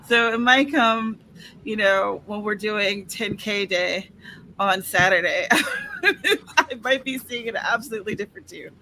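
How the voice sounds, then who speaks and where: A woman's voice: medium pitch, sing-song, measured pace, pushed and bright, a little hiss or hum. A woman hosting a casual livestream for writers, chatting, reading out updates and laughing often. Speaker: host, author. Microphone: video call.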